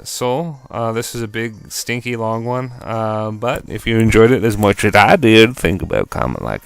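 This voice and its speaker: A man with a lowish, smooth, resonant voice talks through his own video game battle. He is excitable, chatty and jokey, and faint game music plays behind him. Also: no echo. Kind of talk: casual battle commentary.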